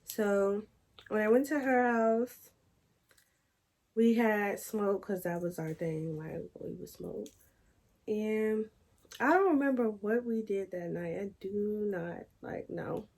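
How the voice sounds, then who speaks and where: A young woman telling a personal story in a chatty, animated way and addressing viewers as y'all. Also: medium pitch, slow pace. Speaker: storytime vlogger. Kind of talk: casual storytelling to camera.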